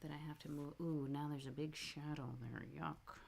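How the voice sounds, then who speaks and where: A woman hosting a live planning stream at her home desk into a desk microphone, talking softly and half to herself as she works. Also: deep voice, level tone, moderate pace, vocal fry, a little hiss or hum. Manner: soft-spoken, muttering to herself while she works. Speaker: planner livestream host. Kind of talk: casual live planning chat.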